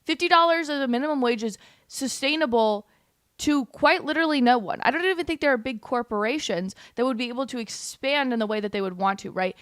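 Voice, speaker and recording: A woman's voice: high-pitched, fairly quick, a bit bright, smooth, no echo, studio quality. Blunt, heated young woman. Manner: blunt, heated, sarcastic, insulting. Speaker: political commentary host. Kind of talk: livestream commentary reacting to clips.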